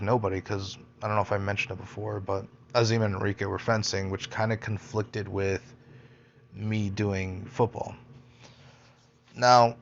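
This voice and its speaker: A young man with a low, gravelly voice rambles through his life stories, swearing often and doubling back on himself. The recording is dull and lo-fi, like a cheap home setup. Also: slight background noise. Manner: rambling, profane, self-interrupting. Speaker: storyteller, podcaster. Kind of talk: casual personal storytelling.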